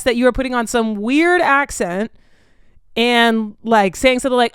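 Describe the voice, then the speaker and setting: A young woman in her twenties chats casually to camera, candid and full of "like" and swearing. Her voice is very clean and smooth. The sound is dry and close, with no room echo. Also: on the high side, moderate pace. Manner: candid, swears freely, lots of "like". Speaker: vlogger. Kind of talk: casual storytelling chat.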